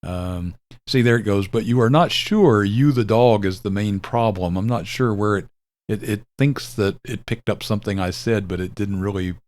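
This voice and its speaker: An older man hosting a video, explaining a retro computer program in a relaxed, rambling way, with fillers and self-corrections. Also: on the low side. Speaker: video host demonstrating retro software. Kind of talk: casual explanatory demo.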